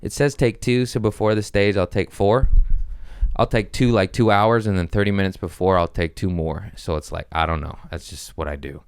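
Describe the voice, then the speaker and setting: A male comedian hosting a podcast, telling crude, animated stories about touring and hecklers in casual monologue. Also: deep voice, moderate pace, smooth, no room sound, clean studio sound. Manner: animated storytelling with crude language.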